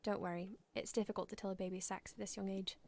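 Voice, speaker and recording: A woman's voice: mid-range voice, flat delivery, quick pace, vocal fry, crowd noise, lightly acted. An actress playing a polite young mother who is a little wary of her visitors.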